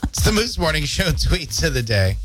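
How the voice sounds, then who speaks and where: A man's voice: fairly high pitch, moderate pace, over music. Radio guy doing morning show bits, bouncy voice, cracks himself up a lot. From Canada. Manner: jokey, animated storytelling with laughs. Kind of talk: casual morning radio banter. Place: radio studio.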